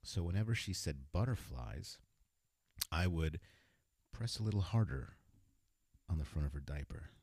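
Low-voiced man telling a frank story. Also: animated, moderate pace, pauses often, darkish tone, breathy edge, no echo. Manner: frank and conversational, with repeated fillers and restarts. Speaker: podcast host. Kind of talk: casual first-person storytelling.

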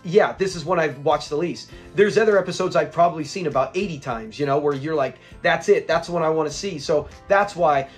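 A man hosting an episode review, retelling scenes in a lively, chuckling, casual way. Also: fairly high pitch, a little fast, hardly any pauses, soft background music.

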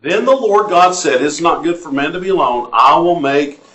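A Southern US-accented pastor preaches an interactive sermon in a church sanctuary, and the room echoes around him. He reads scripture aloud and puts questions to the congregation in a fairly high, pushed, bright voice with lively intonation at a moderate pace.

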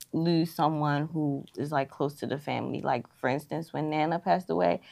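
Young woman chatting w her mom, gravelly voice, gets loud and laughy telling stories. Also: fairly low pitch. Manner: animated storyteller, laughs often. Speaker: co-host, daughter. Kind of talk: casual chat.

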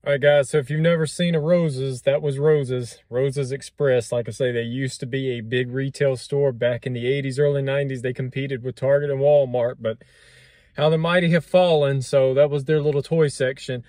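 A man narrating a casual toy-hunting vlog, chatty and sarcastic, with loud mock-excited stretches. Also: mid-range voice, moderate pace, few pauses, dry recording. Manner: loud, animated outro.

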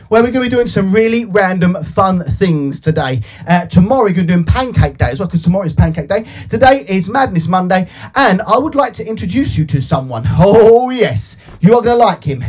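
A man hosting a live children's show as an entertainer, energetic and cheering with sing-song shouts, with playful back-and-forth to a puppet. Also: sits high.

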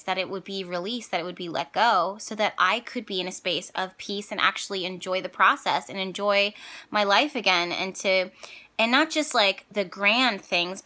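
A woman vlogger telling viewers a personal story in a casual, expressive and emotional way. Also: medium pitch. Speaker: spiritual vlogger and reader.

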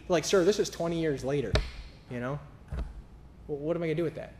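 A man preaches in a loose, sarcastic style, acting out other people's voices as he goes. His voice sits a little higher than usual for a man. A faint hum of the room runs underneath. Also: lively intonation, fast, a little mellow, roomy sound. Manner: casual, sarcastic and flippant in delivery; acts out quoted voices in storytelling. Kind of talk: sermon. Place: church.

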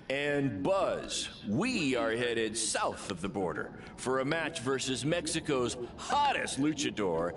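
A brisk, salesy wrestling manager. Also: male voice, a little high, slight background noise, heavily acted. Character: upbeat male wrestling manager, scheming showman. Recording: game audio over loud crowd.

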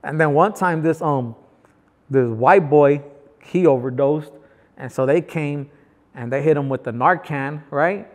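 A man's voice: fairly high pitch, measured pace, in a large hall. A man from Los Angeles, a guest telling prison stories in casual, slangy talk, acting out what others said. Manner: animated, slangy, acts out other people's lines. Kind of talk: casual storytelling.

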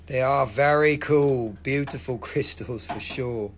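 A man's voice: mid-range voice, measured pace, a little hiss or hum. A man hosting a live stream sale, chatting casually, joking and rambling with plenty of swearing. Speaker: live-stream crystal seller. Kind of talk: casual live sales chat.

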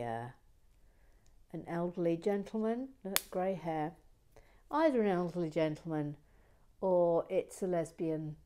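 Slow, low-voiced playful woman. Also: animated, mellow. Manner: playful, teasing, giggly asides. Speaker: toy building reviewer reading viewer comments. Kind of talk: casual chat while building.

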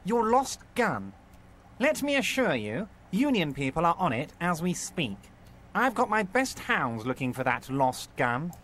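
A genial, scheming union boss. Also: male voice, a little high, sing-song, a little slow, a bit bright, slight background noise. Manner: oily, soothing, overly friendly. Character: large, smooth-talking union boss, genial and manipulative. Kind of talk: video game voice acting.

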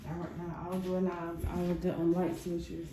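A low, flat-voiced woman gives quiet offhand answers. The room around her rings with echo, and faint noise sits underneath. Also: normal speed. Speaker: vlogger's sister.

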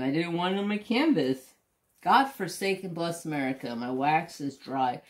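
A middle-aged man chatting casually and bluntly while doing a craft, rambling and swearing freely. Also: on the high side. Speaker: craft channel host. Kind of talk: casual chat while diamond painting.

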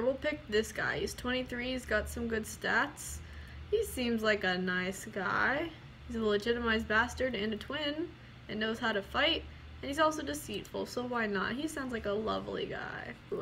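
A woman's voice: a little high, bright, forceful tone, slight background noise. A woman giving casual gameplay commentary, chatty, swearing freely and reading game text aloud. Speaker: gaming video creator.

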